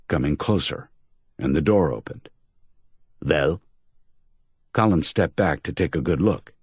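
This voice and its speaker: A man narrates a hardboiled crime audiobook with measured, steady delivery. His voice is very deep and husky, recorded dry and close with no room sound. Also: no echo. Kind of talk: scripted narration.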